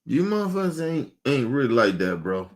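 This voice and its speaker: Hosting a laid-back stream, this man rants hotly and curses, circling back to the same points. His volume lurches from shouts to quiet muttering, and his delivery is sing-song at a moderate pace.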